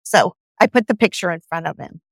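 A woman guest on a podcast, telling her own story in a lively way and acting out the dialogue she quotes. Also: lowish voice, fairly quick, creaky, slightly rough, no room sound.

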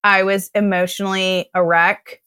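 A woman's voice: medium pitch, level tone, normal speed, pushed and bright, clear, resonant tone, no room sound. Chatty woman with a very dry voice. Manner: emotional, heavy use of "like", acts out her own past thoughts. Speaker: guest telling her own story. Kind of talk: casual podcast storytelling.

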